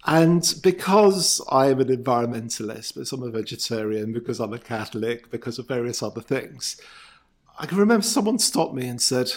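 A man's voice: medium pitch, expressive, brisk, a little hiss or hum. A man co-hosting a podcast, telling an anecdote in an amused way. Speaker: podcast co-host. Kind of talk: podcast discussion.

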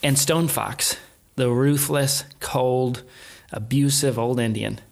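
An adult man tells a story in an easy conversational way. He animates the retelling with quoted voices and short laughs. His voice sits at an ordinary middle pitch. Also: fairly even intonation, slow pace, creaky. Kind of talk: casual storytelling chat.

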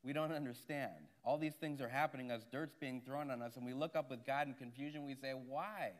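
A man's voice: medium pitch, steady tone, a little fast. Man preaching in a conversational storytelling way. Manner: conversational storytelling with "right?" asides. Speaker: Catholic priest. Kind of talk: sermon.

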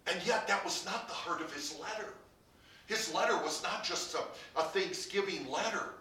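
A man preaching a sermon as pastor, building to emphatic peaks and dropping to quiet, low lines. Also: moderate pace, recorded from a distance. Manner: preaching with rising emphasis and soft drops. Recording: roomy, from off the mic.

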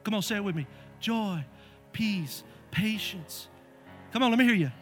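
Male pastor, high voice, animated storytelling sermon, faint music underneath. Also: moderate pace. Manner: animated, acts out voices in stories. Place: church sanctuary.

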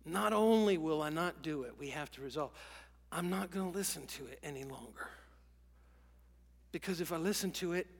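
A man preaching a sermon in an animated way, acting out quoted lines and dropping to a whisper for emphasis. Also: fairly high pitch, fairly quick, long reverb tail. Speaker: pastor.

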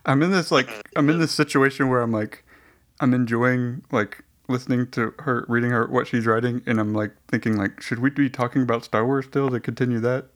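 A man's voice: medium pitch, fairly even intonation, a little fast. Mid-voiced guy rambling on a podcast, lots of likes and um. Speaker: podcast host. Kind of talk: casual chat.

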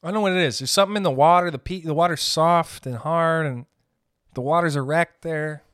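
A man hosting a podcast, ranting in a rambling, profane, comedic way and slipping into quick character voices. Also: on the high side, fairly bright tone, clean tone, dry recording, studio quality. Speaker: podcast host. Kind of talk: casual comedic rant.

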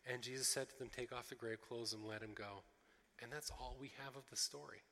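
A man's voice: mid-range voice, fairly even intonation, brisk, gravelly, bright, forceful tone, big-room sound. A man preaching a sermon as pastor, earnest and emphatic, with many fillers and repeated phrases.

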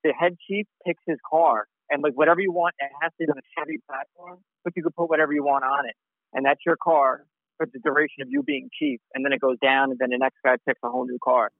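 A man's voice: mid-range voice, fairly even intonation, quick pace, dry recording, phone-quality sound. A man, a paramedic guest on a casual podcast, talking loosely and agreeing often. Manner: loose, agreeable, lots of "yeah". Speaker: New York paramedic guest.

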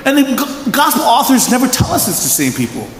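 A man's voice: very high-pitched, fairly quick. A man from Philadelphia preaching a casual, conversational sermon and often asking the audience questions. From Philadelphia, USA. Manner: animated, chatty, asks the audience questions. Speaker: pastor. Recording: echoey hall reverb, faint room noise.

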